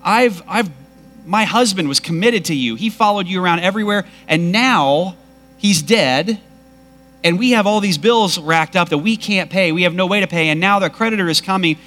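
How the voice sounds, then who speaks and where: A man's voice: high voice, moderate pace, sharp tone, pitched above the performer's own voice. A preacher voicing a frantic widowed mother. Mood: complaining. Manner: frantic, rambling complaint. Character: distraught widowed mother, pleading and panicked.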